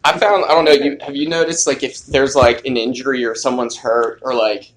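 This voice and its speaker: A man's voice: medium pitch, steady tone, brisk, noisy background. A man on a podcast, making sarcastic jokes in casual chat. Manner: joking, sarcastic.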